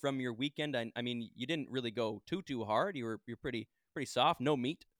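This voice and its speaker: A man's voice: mid-range voice, brisk, a bit bright. A man co-hosting a podcast, teasing the others in casual banter. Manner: teasing, wisecracking. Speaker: podcast co-host. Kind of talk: casual chat.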